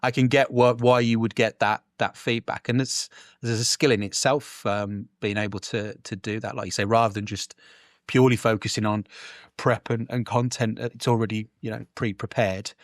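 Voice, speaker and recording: A man's voice: fairly low pitch, fairly even intonation, normal speed, no echo, clean studio sound. A man co-hosting a podcast, chatting casually in rambling sentences with restarts. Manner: rambling with restarts, laughs along. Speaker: podcast co-host. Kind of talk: casual chat.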